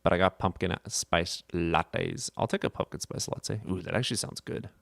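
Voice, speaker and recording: A man streamer in casual livestream chat, reading and answering chat questions in a rapid, profane, offhand way. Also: sits low, creaky, no echo, clean studio sound.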